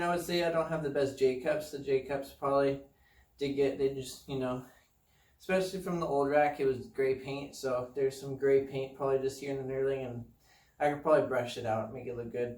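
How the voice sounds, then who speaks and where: A fitness vlogger rambles in a laid-back, self-deprecating way about his apartment home gym. His medium-pitched voice is far from the mic, and the recording sounds roomy.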